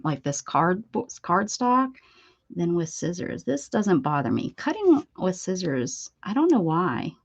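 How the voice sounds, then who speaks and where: A woman's voice: mid-range voice, vocal fry, dull audio. A woman hosting a casual live crafting stream, chatty and bubbly, greeting viewers and laughing. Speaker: craft video host.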